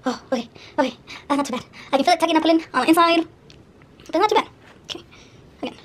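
A woman, speaking to the camera in a casual vlog. Her voice sits very high, and she keeps exclaiming and talking to herself nervously. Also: quick pace. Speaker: vlogger.

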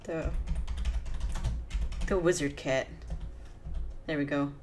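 A woman's voice: low voice, fairly even intonation, slow pace, darkish tone, slight background noise. A woman casually commenting on an old adventure game as she plays and reads its text aloud. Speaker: let's play gamer. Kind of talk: casual let's play commentary.

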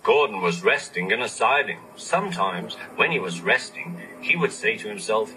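A man reading a children's storybook aloud, expressive and animated. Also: lowish voice, normal speed, hardly any pauses, slight background noise, rough recording. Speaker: narrator.

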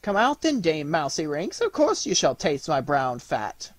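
Man putting on a wailing fairy-tale queen, high and loud, breathy, storybook reading. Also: wildly swooping pitch, a little slow, dry recording, exaggerated voice. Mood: gracious. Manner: wailing, tearful pleading. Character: despairing sobbing queen, woman.

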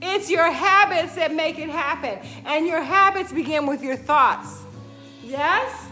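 A woman's voice: extremely high pitch, unhurried, bright, forceful tone, faint music behind. A woman fitness instructor giving an upbeat, emphatic motivational talk on a live stream. She greets viewers by name, repeats her key phrases and keeps asking "right?".

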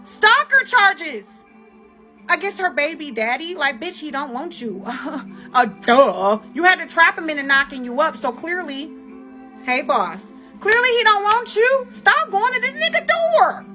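A woman's voice: extremely high pitch, sing-song, a little slow, pushed and bright, faint music behind. A young woman, ranting and cursing heatedly as a livestream host. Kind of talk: angry ranting commentary.

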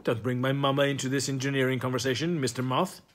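A man's voice: mid-range voice, fairly even intonation, fast talker, close to an everyday voice. A man playing a prim, touchy engineer. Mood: indignant. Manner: indignant and fussily polite.

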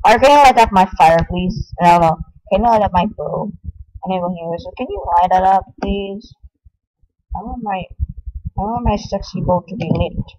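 A young man giving casual, excitable commentary while playing a game. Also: high voice, moderate pace, no room sound, rough recording. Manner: excitable, yelps and exclaims at game events. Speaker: gamer.

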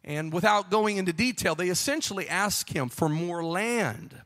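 A man preaching a Pentecostal sermon with a fervent, rhythmic delivery that builds to shouting. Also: high-pitched, lively intonation, moderate pace, long reverb tail. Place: church sanctuary.

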